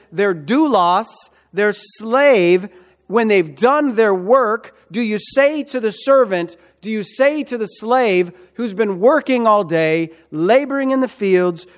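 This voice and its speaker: A man preaching in a high, light voice. He speaks slowly and deliberately, repeating key phrases and pressing his listeners with rhetorical questions. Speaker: pastor. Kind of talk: sermon.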